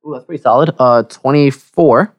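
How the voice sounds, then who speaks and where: A man's voice: mid-range voice, normal speed, dull audio. A man playing a tabletop game in casual chat, adding up his damage rolls aloud. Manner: relaxed, counts damage aloud. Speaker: player.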